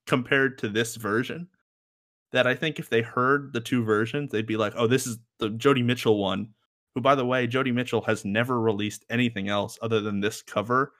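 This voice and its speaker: A man's voice: mid-range voice, fairly bright tone. A man co-hosting a casual music podcast, rambling and joking as he reviews songs. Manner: rambling, joking, laughs often. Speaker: podcast co-host.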